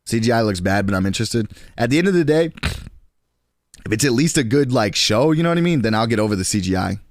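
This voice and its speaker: A young man in his twenties chatting casually on a stream, slangy and rambling, with quick restarts. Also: mid-range voice, lively intonation, dry recording, clean studio sound.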